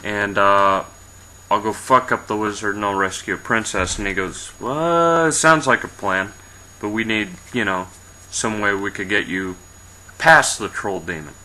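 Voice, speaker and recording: A man's voice: fairly low pitch, steady tone, moderate pace, sharp tone, rough recording. A man casually telling an improvised fantasy adventure story, rambling and swearing, briefly voicing his characters.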